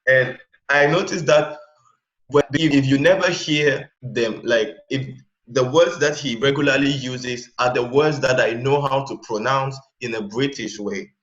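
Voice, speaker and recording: A man from Cameroon, a guest in a casual interview, talking in an animated way with many fillers and restarts. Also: mid-range voice, unhurried. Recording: roomy, dull lo-fi sound.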